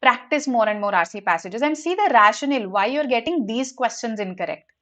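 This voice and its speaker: A woman teaching an online grammar lesson, explaining lively and checking in with rhetorical questions. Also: on the high side, a little fast. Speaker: exam prep teacher.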